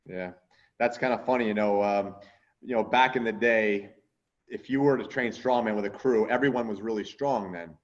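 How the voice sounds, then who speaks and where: A man's voice: fairly low pitch, moderate pace. A man hosting a podcast in casual chat, rambling with lots of fillers and swearing freely. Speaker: podcast host and strongman coach. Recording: dull lo-fi sound.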